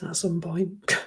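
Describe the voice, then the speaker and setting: A woman hosting a reflective solo podcast in a soft, emotional way, often laughing and dropping into whispers. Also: fairly low pitch, slightly rough. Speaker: podcast host.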